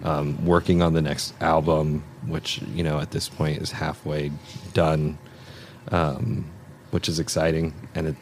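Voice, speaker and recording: A man's voice: a bass voice, flat delivery, measured pace, darkish tone, a little hiss or hum. A man, a musician guest on a podcast, chatting casually in a laid-back way that trails off and restarts. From Southern Oregon, United States. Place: lodge room.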